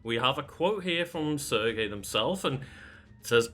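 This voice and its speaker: Give me a male podcast co-host with a bright, forceful voice, chatting casually and wryly. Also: medium pitch, expressive, unhurried. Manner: laughing, wry and chatty. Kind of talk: casual chat.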